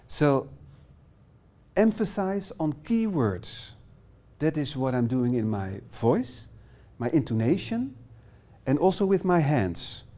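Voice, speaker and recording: Dutch-accented middle-aged male trainer, mellow tone, halting English with fillers, small classroom. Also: medium pitch. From Netherlands. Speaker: workshop trainer. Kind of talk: live workshop presentation.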